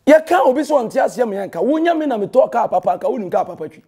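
A man's voice: extremely high pitch, sing-song, fast, dark tone, slightly rough. A Ghanaian man, a pastor, delivering a heated and confrontational rebuttal that scolds a rival and mixes in English phrases.

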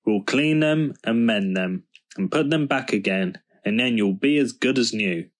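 A man's voice: mid-range voice, a little slow, close to an everyday voice. A man voicing a kindly male mechanic in a storybook reading, reassuring in manner and firm when crossed. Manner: warm and reassuring, stern when angry.

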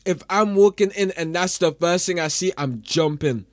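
A man's voice: high-pitched, normal speed, dry recording. A man chatting casually to his stream chat while reacting to a show, full of slang. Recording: dry close mic with faint music.

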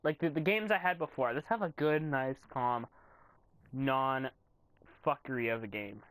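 A young man giving casual commentary while playing a video game, swearing and yelling in frustration. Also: medium pitch, a little slow, clear, resonant tone, dry recording. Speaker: gamer commentator.

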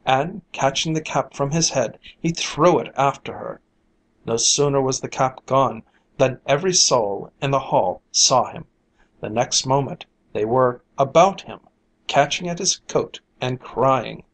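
Storyteller for a fairy-tale reading; slow, lilting, unhurried. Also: mid-range voice, poor audio.

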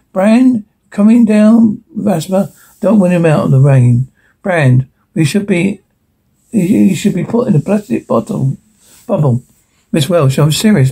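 A man's voice: a little high, creaky, warm tone, breathy edge. A man reading a film transcript aloud, stumbling over words, restarting, and reading every part and stage direction in the same voice. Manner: reads stage directions and every character in one voice. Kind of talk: unrehearsed reading aloud of a script.

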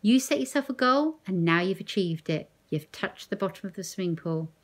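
A woman's voice: mid-range voice, animated, normal speed, close to an everyday voice. A woman reading a novel aloud, voicing an elderly grandmother who speaks earnestly and coaxingly. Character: elderly grandmother, gentle but firm.

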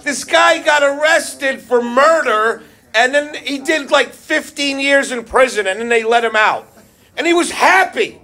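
Onstage at a club, a man with a very high-pitched voice and lively intonation speaks a little slowly into a handheld mic. His stand-up is profane and confrontational, built on aggressive punchlines, and the live recording carries loud crowd laughter.

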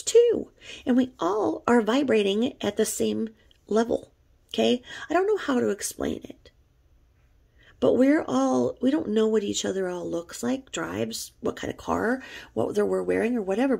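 A woman's voice: mid-range voice, creaky, darkish tone, breathy edge. A woman talking casually to her viewers, blunt and rambling, with frequent swearing. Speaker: YouTube creator.

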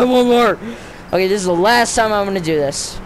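Heavy background noise fills this clip of a high-pitched young man narrating a racing game let's-play. Slangy and excitable, he talks to the game and himself with "dude" and "bro," regularly breaking into frustrated yelling.

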